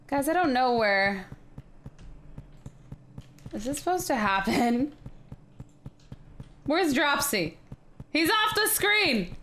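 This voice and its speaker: A woman hosting a let's play, chatting excitedly and often sounding confused as she plays. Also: high-pitched, a little hiss or hum. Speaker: gaming video host.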